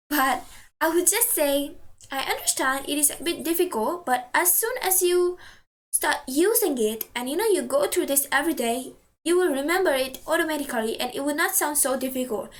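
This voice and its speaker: High-voiced woman teaching words. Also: lively intonation. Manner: patient, repeats words slowly for practice. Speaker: Japanese language teacher. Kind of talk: explaining language lesson.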